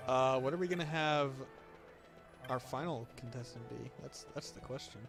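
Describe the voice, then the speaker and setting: A young man co-hosting a game stream, chatting in a jokey, excitable way. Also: mid-range voice, normal speed, gravelly. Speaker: streamer co-host. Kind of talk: casual chat while gaming. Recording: stream with game music playing.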